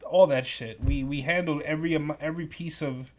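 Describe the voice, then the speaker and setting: A man's voice: a little high, brisk, a little hiss or hum. Profane New man telling stories. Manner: profane, animated, slangy. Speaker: podcast co-host. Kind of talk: casual storytelling.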